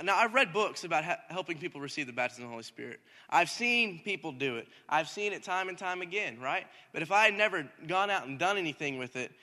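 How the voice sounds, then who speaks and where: A young man, a minister, telling a story in a lively sermon and rising to shouts at times. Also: fairly high pitch. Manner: animated, talks in circles, rising to shouts. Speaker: youth minister. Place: church hall. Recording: hall reverb.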